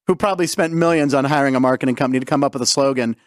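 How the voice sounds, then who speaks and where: A man's voice: medium pitch, very fast, no echo, studio quality. A man from the area, hosting a casual sports talk show and telling jokey stories. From Pittsburgh area. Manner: jokey, animated storyteller. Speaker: host.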